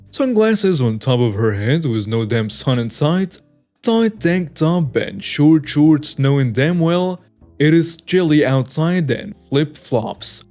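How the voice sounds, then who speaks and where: A man's voice: on the high side, a little mellow. A man narrating a reader's story in a sassy, conversational way, with background music under his voice.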